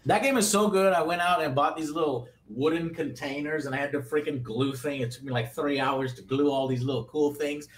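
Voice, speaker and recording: A man's voice: a little high, a little fast, few pauses. A man from Texas, a guest on a casual livestream, telling stories with energy and acting out what people said. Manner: animated storyteller who acts out quotes.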